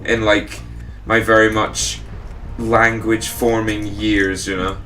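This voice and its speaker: A man's voice: fairly low pitch, flat delivery, takes it slowly, bright, forceful tone, soft background music, low-quality recording. A man with an English accent, chatting casually and rambling while playing a game. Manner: rambling, many fillers and restarts. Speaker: co-host.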